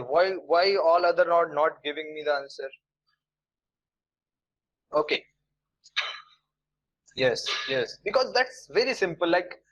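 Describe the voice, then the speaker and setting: A man with a slightly raised voice, teaching an online engineering class. He walks through each step slowly, repeating key phrases and pausing with fillers. He keeps checking in, asking students to answer. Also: a little high, fairly bright tone, low-quality recording. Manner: many fillers and restarts, non-native phrasing. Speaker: lecturer.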